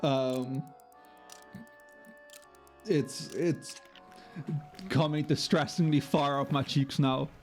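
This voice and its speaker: A man's voice: medium pitch, steady tone, very slow, pauses often, a little mellow, faint music behind. A man streaming a game live, chatting with viewers, sweary and self-mocking. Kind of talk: live gameplay commentary.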